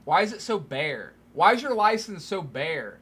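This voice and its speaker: A man's voice: high-pitched, sing-song, normal speed, fairly bright tone, slightly rough. A man co-hosting a livestream, teasing his partner and reading chat messages aloud. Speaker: livestream co-host.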